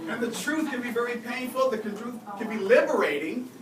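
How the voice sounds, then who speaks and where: A man giving a live seminar on behavior, lively and often asking the audience questions. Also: very high voice, brisk, a crowd in the background. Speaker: behavior and communication expert giving a talk. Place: lecture room at a faculty club. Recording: roomy, distant mic with audible noise.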